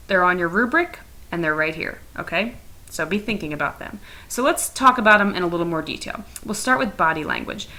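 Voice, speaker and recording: A woman's voice: fairly low pitch, creaky, bright, forceful tone, low-quality recording. A young adult woman teacher giving a chatty, playful recorded lesson from her couch at home. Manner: chatty, playful and fast-talking.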